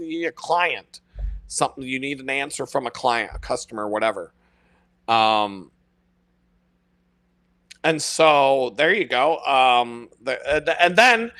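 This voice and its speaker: Man, live-stream host, swearing constantly, exasperated, self-mocking, fairly high-pitched, dry sound. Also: bright, forceful tone, dry recording. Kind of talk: unscripted ranting monologue.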